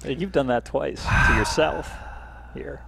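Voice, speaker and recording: A man co-hosting a live sports chat show, easygoing and quick to laugh. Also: medium pitch, creaky, fairly bright tone, slightly rough, low-quality recording. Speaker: podcast co-host. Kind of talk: casual chat.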